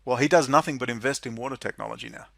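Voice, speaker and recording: A man reading out a policy document and ranting about it in sarcastic commentary, often breaking into mocking, high-pitched laughter. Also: very fast, creaky, a bit bright, dry recording, studio quality. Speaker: political commentary vlogger.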